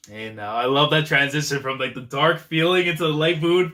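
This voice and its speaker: A man's voice: fairly high pitch, fairly quick, sharp tone. A young man giving casual live reaction commentary while watching anime. He laughs often and throws in slangy asides.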